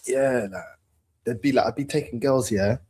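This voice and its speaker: Host, male, husky, dry close sound, loose slangy storyteller. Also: mid-range voice, moderate pace, darkish tone, no echo, poor audio. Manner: laid-back storytelling, London slang. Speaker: channel host. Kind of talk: casual chat on a live stream.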